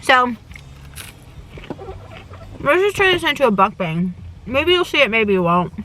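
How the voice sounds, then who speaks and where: A young woman talks straight to her camera from the seat of a parked car, her voice bright and forward. She gushes freely, chatting between bites and often talking with her mouth full, in a relaxed, loose vlog style. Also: fairly high pitch, a little fast, a little hiss or hum. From United States. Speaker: travel vlogger. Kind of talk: casual chat to camera while eating.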